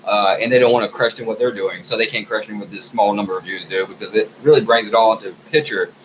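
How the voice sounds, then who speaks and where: An American man in an angry, unscripted rant, talking heatedly and profanely and often clearing his throat. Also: lowish voice, quick pace, muffled recording, background noise. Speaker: video blogger.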